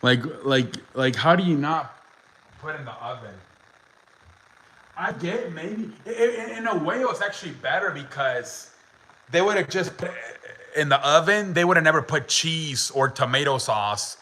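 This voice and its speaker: A man's voice: fairly high pitch, animated, normal speed, sharp tone, slightly rough, rough recording. A young man telling a story as a podcast host, casual and chatty, laughing often and swearing, with lots of "like" fillers.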